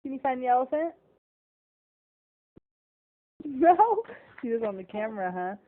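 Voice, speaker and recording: A woman's voice: high-pitched, sing-song, unhurried, phone-quality sound. A mother coaxing her toddler in a sing-song home video voice.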